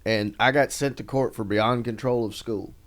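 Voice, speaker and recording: A man's voice: mid-range voice, fairly even intonation, normal speed. A man co-hosting a podcast, telling a school story and tossing in dry sarcastic asides. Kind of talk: casual podcast chat.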